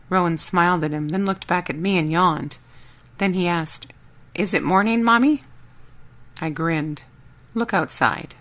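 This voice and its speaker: A woman reading a first-person audiobook in a steady, measured storytelling voice. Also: fairly low pitch. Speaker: audiobook narrator.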